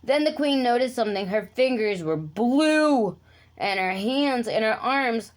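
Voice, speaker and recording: A woman reads a children's storybook aloud in a relaxed, casual way. Her voice sits a little above average, and she drops chatty asides between the lines. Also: a little high, unhurried.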